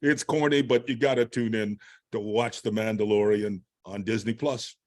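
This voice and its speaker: A man's voice: fairly low pitch, steady tone, moderate pace, a little mellow. An older man, an actor guest, giving reflective and expansive interview answers with an occasional chuckle.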